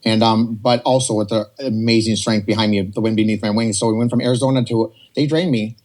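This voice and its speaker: Fast-talking animated man. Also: on the low side. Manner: animated, rambling, jumps between quoted voices. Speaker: podcast guest. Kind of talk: casual storytelling.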